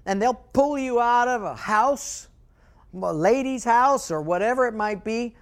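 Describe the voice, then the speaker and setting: Male pastor preaching with animated storytelling. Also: extremely high pitch, unhurried. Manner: animated storytelling, dropping to quiet emphasis. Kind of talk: sermon.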